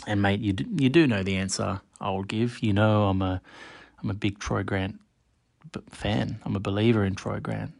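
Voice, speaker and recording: A man's voice: lowish voice, fairly even intonation, moderate pace, creaky, dry recording, studio quality. A man hosting a solo podcast, chatting casually and speaking straight to listeners by name. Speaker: podcast host.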